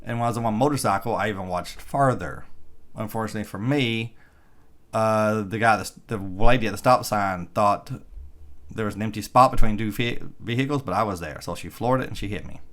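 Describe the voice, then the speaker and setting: A man's voice: lowish voice, brisk, a bit bright. Rambling, opinionated middle-aged man. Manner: rambling, opinionated, sarcastic asides. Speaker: EV vlogger. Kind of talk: casual commentary while reading an article aloud.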